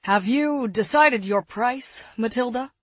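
A blunt, practical young man, read by a woman narrator in an audiobook, his voice raised and forceful. The reading is slow and husky, recorded dry and close. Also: on the high side, no room sound.

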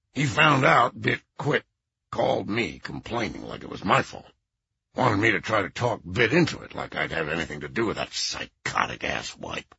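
A low, congested old music producer, as a male narrator puts him on, mutters scornful, sardonic remarks. His voice sits deep and gravelly, with a husky rasp. The storybook recording is dry and slightly dull. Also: bright, forceful tone, no room sound, heavily acted. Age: older.

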